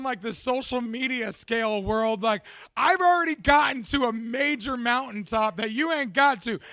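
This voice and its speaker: A young man hosting a podcast, talking in a casual, profane, animated and self-mocking monologue. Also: very high voice, dry recording. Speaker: podcast host.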